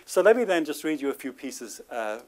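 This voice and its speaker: Chatty male lecturer, quick to laugh. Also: a little high, big pitch swings. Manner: chatty, laughs often between remarks; self-deprecating asides. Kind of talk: informal lecture to a live audience.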